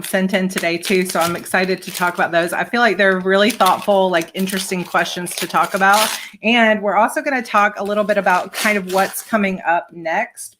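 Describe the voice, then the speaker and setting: A woman chats casually on a livestream as an author hosting her viewers. She gushes over gifts and thanks people warmly, laughing often. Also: mid-range voice, slight background noise. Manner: gushing, warm thanks, frequent laughs. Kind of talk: casual chat.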